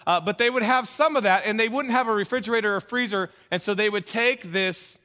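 A man's voice: high-pitched, brisk, sharp tone, big-room sound. A man preaching a conversational sermon as pastor, emphatic, with joking asides.

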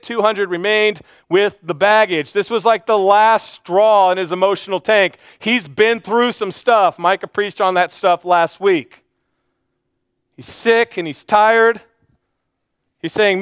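A man preaching a sermon, telling a Bible story with animated flair and acting out the lines of the people in it. His voice sits high and sounds smooth and resonant. The recording is dry and close. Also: unhurried, no echo. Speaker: pastor.

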